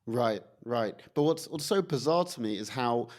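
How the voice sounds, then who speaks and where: A male podcast host with a mid-pitched voice asks his guest questions. His manner is polite and measured. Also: lively intonation. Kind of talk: interview questions.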